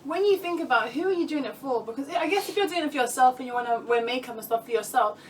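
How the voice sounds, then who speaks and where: A woman's voice: sits high, expressive, quick pace. A married woman on a Christian talk panel, speaking frankly and reflectively in casual chat. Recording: distant mic, faint room noise.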